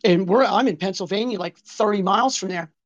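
A man's voice: high voice, fairly quick. Rambling, profane storyteller man in his fifties. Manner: rambling and profane, many asides and reported speech. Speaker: guest telling a story. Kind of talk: casual conversational storytelling. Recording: dull lo-fi recording.

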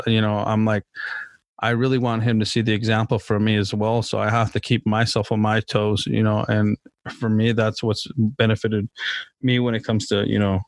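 A relaxed man chatting casually with a low-pitched voice, cursing freely as he tells family stories and acts out what everyone said. The recording is dry and close, with no room sound. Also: no echo. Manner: laid-back, swears freely, acts out quotes in storytelling. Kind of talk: casual chat.

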